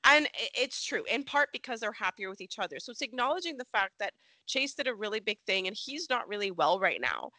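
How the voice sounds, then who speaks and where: A woman co-hosting a podcast in casual chat, animated and laughing often, saying "like" a lot. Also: medium pitch, a little fast, no echo. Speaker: podcast co-host. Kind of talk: casual chat recapping a soap opera.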